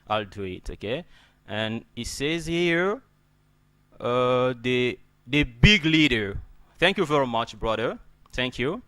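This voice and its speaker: A man's voice: medium pitch, fairly bright tone, clean tone. Man teaching English word stress. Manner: repeats words and asks "okay?" often. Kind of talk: live English pronunciation lesson.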